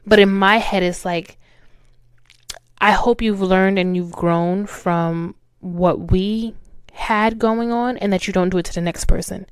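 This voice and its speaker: A woman's voice: mid-range voice, steady tone, a little slow, clear, resonant tone, no echo. A young woman hosting a casual talk show, speaking candidly and chattily and laughing at herself. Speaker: podcast host. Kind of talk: casual chat.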